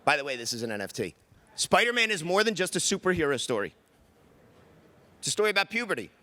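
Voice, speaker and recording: Bright-voiced stand-up comic. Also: male voice, a little high, big pitch swings, fast. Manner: chatty, crowd work, acts out quoted voices. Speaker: stand-up comedian. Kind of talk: stand-up comedy set. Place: conference stage.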